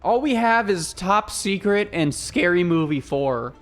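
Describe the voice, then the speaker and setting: A man's voice: sits high, expressive, faint music behind. Rambling man streaming on a headset. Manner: rambling, self-interrupting, quick to laugh. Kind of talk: casual gaming stream chat.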